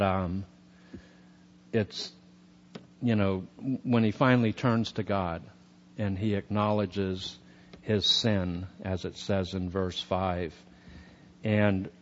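A man's voice: fairly low pitch, muffled recording. A man teaching a sermon on scripture in a chatty, conversational way, with many fillers. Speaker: preacher.

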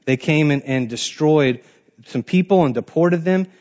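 A man's voice: on the high side, measured pace, a little mellow, highs cut off. A man teaching a Bible class in a casual way, reading scripture aloud and then explaining it in plain words.

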